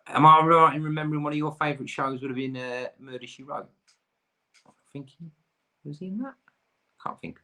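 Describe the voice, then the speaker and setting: A man's voice: a little high, sharp tone. A man in his thirties from the UK, hosting a pub quiz with chatty, rambling, self-deprecating asides.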